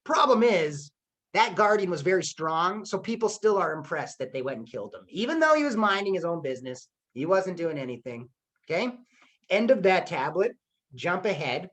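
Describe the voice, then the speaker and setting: A male history teacher retelling a myth in a playful, animated online class. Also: high voice, moderate pace, rough recording.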